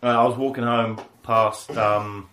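A man co-hosting a casual podcast chat, excitable and laughing through his storytelling. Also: mid-range voice, unhurried, roomy sound, slight background noise. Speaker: podcast co-host.

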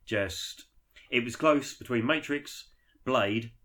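A man's voice: medium pitch, slow pace, over a noisy crowd. A man chatting casually as a podcast co-host, swearing freely and rambling through his stories. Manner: sweary, rambling, animated storytelling. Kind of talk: casual chat.

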